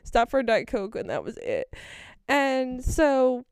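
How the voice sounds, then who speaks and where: Young woman, high gravelly voice, dry sound, animated casual storyteller. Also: measured pace, no echo. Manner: animated storytelling with many fillers. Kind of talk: casual chat.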